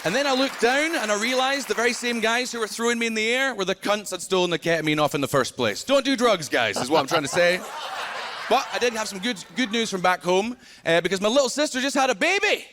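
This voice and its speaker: A man with a Scottish accent from Scotland doing an animated stand-up set, telling stories with punchy asides to the crowd. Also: high voice, quick pace. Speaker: stand-up comedian. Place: large TV studio stage before a live audience. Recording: loud audience laughter, noisy stage.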